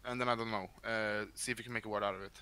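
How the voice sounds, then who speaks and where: A man's voice: on the low side, fairly even intonation, rapid-fire, sharp tone, clean tone. A man in a casual co-op game, calling out signals and laughing easily. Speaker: bomb defuser in a co-op game. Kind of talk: casual gaming chat.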